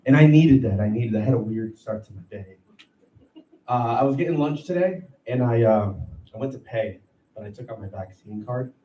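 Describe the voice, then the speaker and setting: A man from Bridgeport, Connecticut doing a stand-up set, loose and profane, laughing through his bits. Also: medium pitch. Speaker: stand-up comic. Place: small live comedy venue. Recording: echoey live room, far mic, loud crowd noise. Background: audience laughter and room ambience.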